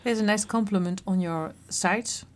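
A woman's voice: mid-range voice, moderate pace. Woman host interviewing a musician, mid voice, short friendly questions. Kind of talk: interview conversation.

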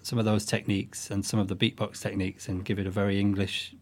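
A man, a folk musician, giving thoughtful, halting explanations in an interview. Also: fairly low pitch, flat delivery, darkish tone. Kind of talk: interview conversation.

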